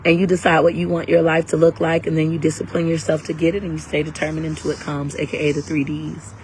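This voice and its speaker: A woman's voice: deep voice, little pitch movement, fast talker, a little mellow, a little hiss or hum, poor audio. Brash, hyped woman selling live. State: under the weather. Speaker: live-stream seller and coach. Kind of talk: casual livestream sales talk.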